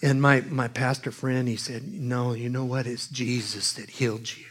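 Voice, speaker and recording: Husky-voiced preacher telling a story. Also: male voice, mid-range voice, moderate pace. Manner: animated storytelling, swings between loud exclamations and hushed asides. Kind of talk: sermon with storytelling.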